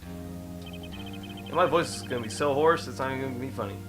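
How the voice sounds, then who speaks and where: A man's voice: medium pitch, normal speed, music in the background. A man doing a video game voice playthrough, tossing wry asides to his viewers. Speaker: game voice-over player. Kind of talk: playthrough commentary.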